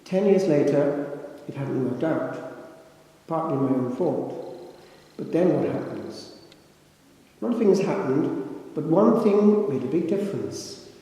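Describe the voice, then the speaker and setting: An older male priest preaches slowly and reflectively, pausing for effect as he tells his story. His voice sits slightly high for a man. It rings out through a church with a long, heavy echo. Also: lively intonation, warm tone. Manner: slow, reflective storytelling with dramatic pauses. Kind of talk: sermon. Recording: echoey church with long reverb.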